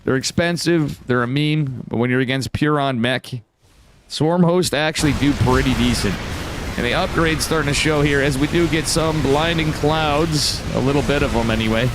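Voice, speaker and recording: A man with an upstate New York accent giving casual live commentary on a strategy game, swearing now and then and bursting into excited outbursts. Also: medium pitch, moderate pace, slight background noise. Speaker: esports caster.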